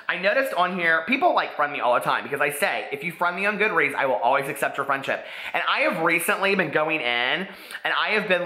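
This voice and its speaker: A man's voice: a little high, pushed and bright. A man, chatting casually about books he's read, gushing and full of "like"s. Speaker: booktube host. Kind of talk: casual book review vlog. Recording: echoey room.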